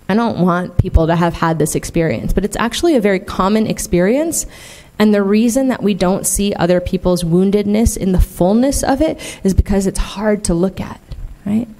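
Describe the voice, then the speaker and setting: A woman delivers a conference keynote in an earnest, candid voice at a middle pitch. She presses her points with emphasis and keeps checking in with the audience, her speech dotted with casual fillers. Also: moderate pace, dark tone. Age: adult, in the field twenty years. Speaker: conference plenary speaker. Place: conference hall.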